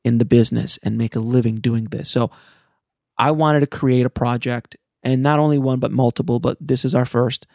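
A man's voice: medium pitch, steady tone, moderate pace, creaky, a little mellow, no room sound, clean studio sound. A middle-aged man, a filmmaker hosting his own show, talking earnestly and passionately to his listeners, often restarting his phrases. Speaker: filmmaker and podcast host. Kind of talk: casual monologue to listeners.

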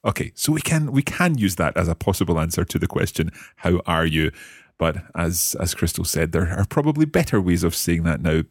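Low husky-voiced male lesson host. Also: very animated, no echo, studio quality. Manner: curious, repeats phrases slowly to practise. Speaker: language lesson host and learner. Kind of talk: podcast language lesson.

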